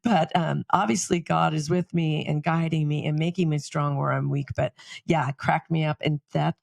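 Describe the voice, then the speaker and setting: A middle-aged woman co-hosting a podcast, telling stories in a lively, chatty way and laughing often. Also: low voice, normal speed, vocal fry, dry recording. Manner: animated storytelling, laughs often. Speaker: podcast co-host. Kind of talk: casual chat.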